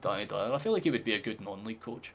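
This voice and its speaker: A man's voice: on the low side, animated, racing, fairly bright tone. A man streaming a live football watchalong, chatting casually and swearing freely as he reacts to the match.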